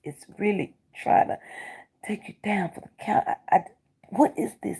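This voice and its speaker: Gravelly, husky woman giving a spiritual card reading. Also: medium pitch, moderate pace, warm tone, low-quality recording. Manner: urgent, preacher-like, often drops into whispers. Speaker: tarot reader.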